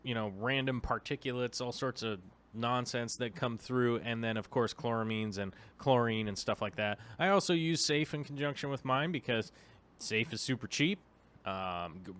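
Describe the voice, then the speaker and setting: A man's voice: medium pitch, fairly bright tone. A man hosting a casual livestream, chatting in a rambling way with lots of fillers and restarts. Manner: drops to a near whisper to avoid waking the dog. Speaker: aquarium livestream host.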